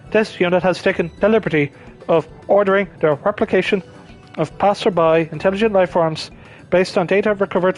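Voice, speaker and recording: A man's voice: sits high, natural voice, low-quality recording. A man voicing a precise, formal male machine unit that runs a cafe, reading game dialogue in clipped, clinical phrasing.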